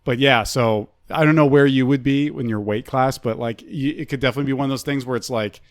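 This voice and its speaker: A man's voice: mid-range voice, fast talker. Laid-back rambling man on a podcast. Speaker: guest comedian. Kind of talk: casual podcast banter.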